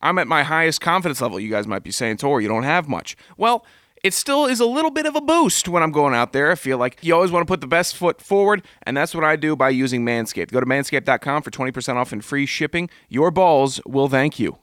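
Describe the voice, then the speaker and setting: A man's voice: on the high side, animated, brisk, fairly bright tone, clear, resonant tone, dry recording, clean studio sound. Jokey man reading a sponsor spot. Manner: jokey, self-deprecating. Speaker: show regular reading an ad. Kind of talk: casual ad read.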